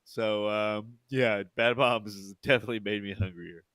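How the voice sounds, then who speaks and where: A man's voice: lowish voice, steady tone, normal speed, fairly bright tone, no room sound. A man co-hosting a podcast, telling rambling stories in casual chat, full of fillers and laughter. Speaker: podcast co-host.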